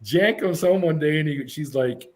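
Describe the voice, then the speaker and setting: Speaking at a normal speed in a voice on the high side, this middle-aged man appears as a podcast guest. He spins casual stories with animation, voicing the other characters' quotes himself.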